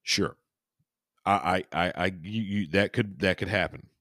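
A man's voice: low-pitched, measured pace, fairly bright tone, no room sound, clean studio sound. A man hosting a podcast, reading aloud and chatting in a rambling, jokey way with many restarts and crude asides. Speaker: podcast host. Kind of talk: casual chat and reading aloud.

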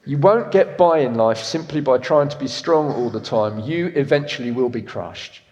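Man, 50s, preacher, sermon, mid-pitched voice, lively swings from loud to quiet, long hall reverb. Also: normal speed, highs cut off. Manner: animated, swinging from loud emphatic to soft and intimate.

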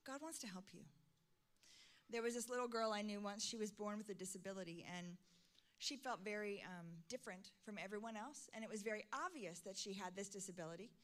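A middle-aged woman pastor preaching a sermon, swinging from soft, intimate lines to loud, emphatic calls. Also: medium pitch, brisk.

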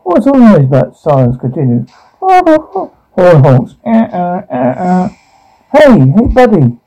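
A man performing a one-man audio drama, reading every part and the sound cues aloud, shouting and pleading in turns. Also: high-pitched, wildly swooping pitch, unhurried, low-quality recording.

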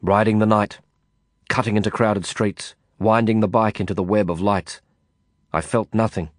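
A man reading a first-person audiobook narration in a measured, reflective way. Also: on the low side, fairly even intonation, no room sound, studio quality.

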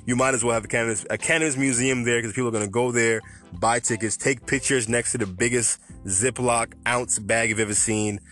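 A man's voice: mid-range voice, a bit bright. Rambling, chatty male podcast host. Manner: rambling, self-correcting, chatty. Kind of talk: unscripted cannabis news podcast.

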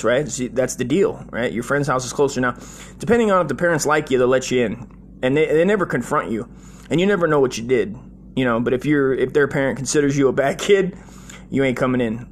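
A man's voice: medium pitch, slight background noise. A man in his forties casually telling a long childhood story, profane and loose, with lots of "dude" and "right?".

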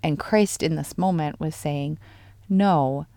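A woman co-hosting a casual faith podcast, retelling stories in an animated, lively way. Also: low voice, normal speed, no echo. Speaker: podcast co-host.

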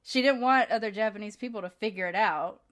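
A woman's voice: medium pitch, fast, fairly bright tone. A woman in casual chat, telling personal stories candidly and with animation, laughing often and swearing freely.

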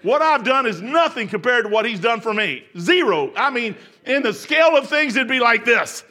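An older man preaching a folksy sermon, laughing often and swinging from shouts to hushed asides. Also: extremely high pitch, very animated, moderate pace. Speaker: pastor. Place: church sanctuary.

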